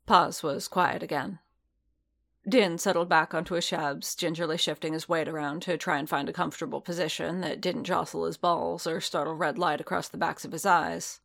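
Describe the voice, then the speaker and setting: A woman reading fan fiction aloud as a steady, measured audiobook narrator. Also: sits low, creaky. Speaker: reader.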